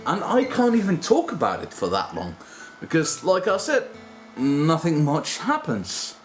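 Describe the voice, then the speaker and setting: A man in his thirties talks through a casual review in a slightly high voice that swings up and down a lot. He is animated and self-deprecating and laughs often, with faint guitar music playing underneath. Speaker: video reviewer.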